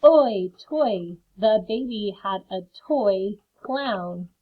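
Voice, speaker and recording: A woman teaching a phonics lesson to children, slowly sounding out word parts. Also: medium pitch, lively intonation. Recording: phone-like narrow sound.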